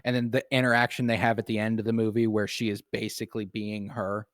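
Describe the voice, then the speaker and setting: A man's voice: on the low side, flat delivery, fast, a bit bright, no room sound, clean studio sound. A man co-hosting a podcast, talking casually about films, loose and profane with lots of fillers. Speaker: podcast co-host. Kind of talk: casual film chat.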